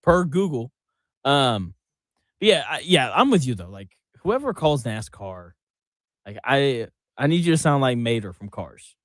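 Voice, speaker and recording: A man hosting a sports radio show in casual, joking banter, laughing often and tossing in quick asides. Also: mid-range voice, big pitch swings, dry recording. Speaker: radio sports talk host.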